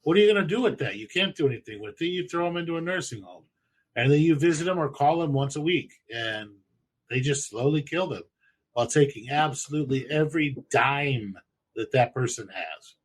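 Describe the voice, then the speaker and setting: A man's voice: a little high, lively intonation, brisk, slightly rough. A man telling stories in a loose, rambling and profane way as host of a casual chat show. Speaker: podcast host.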